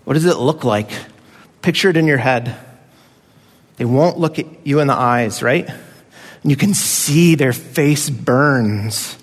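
A man's voice: mid-range voice, slow pace, pauses often, in a large hall. A man preaching a conversational sermon as pastor, now and then acting out voices of children.

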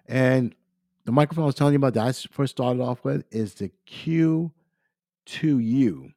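A man hosting a podcast, talking casually about equipment while congested and clearing his throat, often calling his listeners "ladies and gentlemen". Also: medium pitch, normal speed, no room sound, clean studio sound. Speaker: podcast host. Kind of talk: casual gear talk.

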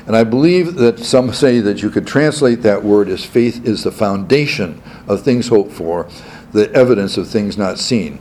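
Low-voiced man teaching a Bible class. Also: expressive, normal speed, a little mellow, a little hiss or hum. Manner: reads scripture aloud, repeats key phrases, checks in with "okay?".

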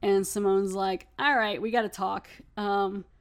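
A woman's voice: medium pitch, steady tone, unhurried. A young woman hosting a podcast, recapping a TV episode in loose, chatty conversation. She laughs often and leans on "like" as she retells scenes. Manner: chatty, laughs, many "like" fillers. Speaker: podcast host. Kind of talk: casual episode review.

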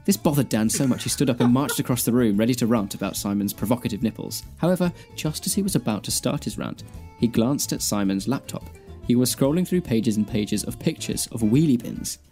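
Male podcast co-host, mid-pitched, dry deadpan reader, faint music bed. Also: fairly quick. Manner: deadpan reading, breaking into laughter. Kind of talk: reading a fan fiction aloud.

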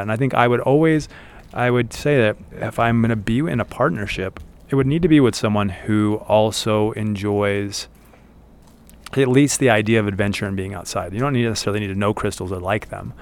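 A man with a low, gravelly voice talks through life advice in a relaxed motivational podcast. He is earnest and keeps circling back to repeat his points for emphasis. He sounds like he is recording outdoors. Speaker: podcast host. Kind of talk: casual motivational talk. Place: outdoors in the desert.

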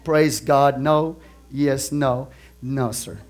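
A man with a Texan accent, a pastor preaching a sermon, moving from soft conversational asides to loud exhortation and joking with the congregation. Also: mid-range voice, steady tone, drawn-out words. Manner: laughs and jokes with the congregation.

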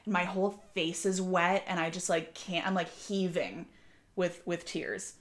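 A woman's voice: on the low side, a little slow. Candid young woman chatting casually. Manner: candid, laughs often, many fillers. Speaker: podcast co-host. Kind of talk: casual chat.

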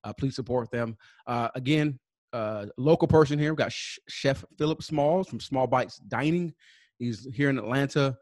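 A man co-hosting a podcast, giving casual sponsor shout-outs and spelling out web addresses slowly, with many fillers. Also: medium pitch, dry recording, studio quality. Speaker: podcast co-host.

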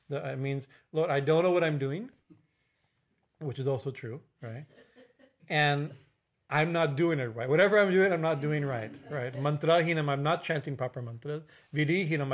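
Middle-aged guy, kinda high voice, rambling spiritual talk, lots of uh and right?. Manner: halting, many fillers and restarts, keeps asking "right?". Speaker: spiritual teacher. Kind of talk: informal religious talk.

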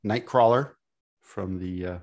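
A man's voice: sits low, unhurried, a little mellow. A man co-hosting a podcast, joking in a mock-grumpy way in casual chat. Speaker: podcast co-host.

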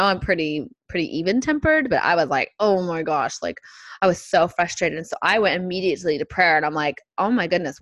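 A woman's voice: on the low side, no echo. A woman co-hosting a podcast, telling a personal story in a casual faith talk, earnest and reflective with hesitant restarts. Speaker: podcast co-host.

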